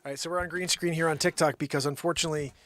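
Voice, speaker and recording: A man hosting his own livestream and riffing an improvised comedy bit, lurching from loud outbursts down to near-whispers. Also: a little high, steady tone, racing, a little hiss or hum. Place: home studio.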